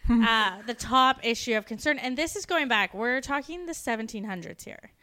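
A woman's voice: on the high side, lively intonation, normal speed, pushed and bright. A woman co-hosting a podcast, telling a history story in casual chat and laughing often. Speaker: podcast co-host.

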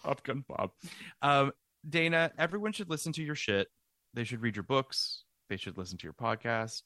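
A man with a mid-range voice talks at a normal speed in clean, echo-free studio sound. Co-hosting a podcast, he chats casually and rambles animatedly, packed with fillers.

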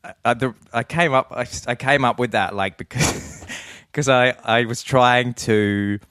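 A man's voice: medium pitch, measured pace, fairly bright tone, no echo, clean studio sound. A man with an Australian accent co-hosting a casual podcast, playful and rambling, laughing often. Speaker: podcast co-host.

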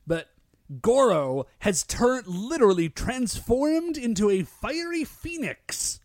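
Male co-host, bright upper register, gushing filler-heavy delivery. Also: high voice, slow pace, no room sound, clean studio sound. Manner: excitable, filler-heavy with lots of "like". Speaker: podcast co-host. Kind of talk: casual recap chat.

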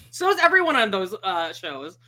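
A woman's voice: mid-range voice, big pitch swings, measured pace, sharp tone. A woman hosting a podcast, chatting casually, laughing often and swearing freely. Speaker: podcast host. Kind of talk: casual chat.

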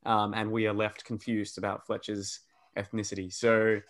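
A man's voice: fairly low pitch, level tone, moderate pace, a bit bright. A man hosting a podcast and chatting casually, upbeat and rambling, laughing at his own jokes. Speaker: podcast host.

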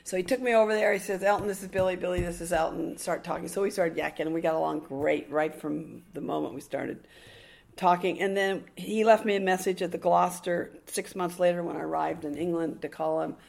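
Animated older woman, gravelly low voice. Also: a little fast. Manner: animated, excitable storyteller, acts out quoted voices. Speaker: guest. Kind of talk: casual storytelling interview.

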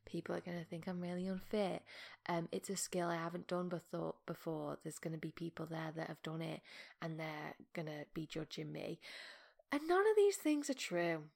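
A woman in her thirties hosts her podcast in a casual solo monologue. Her voice sits low and carries a gravelly fry. She talks softly, often drifting into a half-whisper, and pokes gentle fun at herself. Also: normal speed. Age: 30s. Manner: soft, often half-whispered, self-mocking. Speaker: podcast host.

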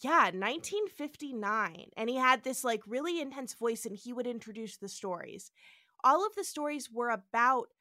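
A woman co-hosting a casual podcast, animated and laughing as she tells trivia. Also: on the high side, moderate pace, no room sound, studio quality. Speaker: podcast co-host.

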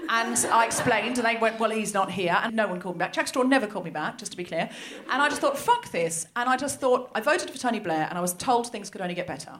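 An Australian woman in her thirties doing stand-up storytelling for a live audience, animated and self-mocking, often laughing through her lines. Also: a little high, fast, few pauses, a little hiss or hum. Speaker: comedy podcast host. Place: large hall with live audience.

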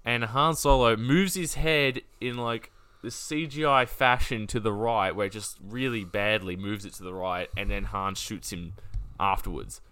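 Low voiced guy on a podcast, joking around and swearing, dry close mic. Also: measured pace, clear, resonant tone, no echo. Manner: animated, joking, swears freely. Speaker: podcast co-host. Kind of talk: casual chat.

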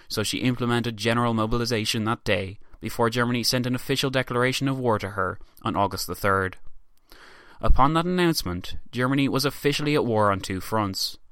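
A man narrates history from a script in a measured, formal way. His voice has a bright, forceful edge. The sound is dry and close to the mic. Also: medium pitch, smooth, no room sound.

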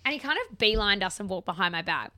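Chatty young Australian woman, bright voice. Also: mid-range voice, expressive, fast, no echo, studio quality. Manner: chatty, swears freely, lots of "like". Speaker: podcast co-host. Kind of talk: casual storytelling chat.

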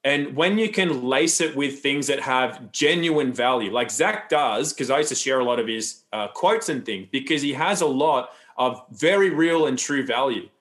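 A man's voice: medium pitch, expressive, moderate pace, few pauses, fairly bright tone. A man talking as a podcast guest, loose and rambling, with frequent restarts and asides. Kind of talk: casual interview talk.

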